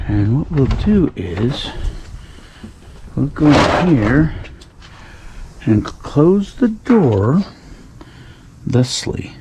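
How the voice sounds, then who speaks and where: A man with an ordinary mid-range voice talks his way through a night outdoors, rambling with dry sarcasm and the occasional sigh. The outdoor recording carries a clear layer of background noise, with cans and trash rustling close by. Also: medium pitch, very animated, extremely slow, pauses often. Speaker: dumpster-diving vlogger. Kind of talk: casual night vlog narration.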